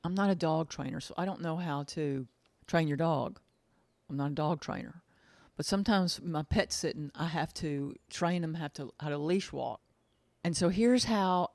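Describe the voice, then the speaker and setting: A woman's voice: low-pitched, unhurried, darkish tone, dry recording. A woman pet sitter talking casually, folksy and chatty, often repeating herself for emphasis. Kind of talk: casual storytelling monologue.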